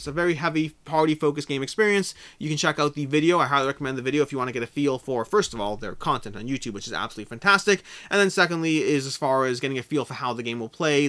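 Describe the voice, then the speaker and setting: Fast, bright-voiced male board game host. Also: fairly high pitch. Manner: rapid, chatty, self-correcting. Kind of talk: casual crowdfunding roundup commentary.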